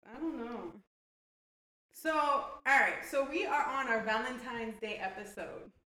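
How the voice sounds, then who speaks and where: A woman's voice: on the high side, measured pace, pushed and bright. Playful laughing woman co-host, echoey room. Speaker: podcast co-host. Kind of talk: casual chat.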